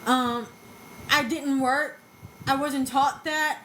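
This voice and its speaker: A woman's voice: high voice, steady tone, slow, fairly bright tone, a little hiss or hum, rough recording. A woman, talking back bluntly to videos about herself, defensive and swearing freely. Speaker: vlogger reacting to videos. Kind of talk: casual reaction commentary.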